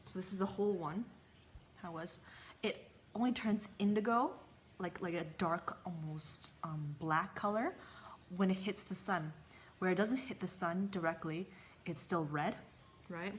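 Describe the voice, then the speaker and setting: A gardening vlogger does a casual tomato taste test, chatty but a bit hesitant and sometimes talking with her mouth full. Her voice is fairly low and a little slow, with slight background noise.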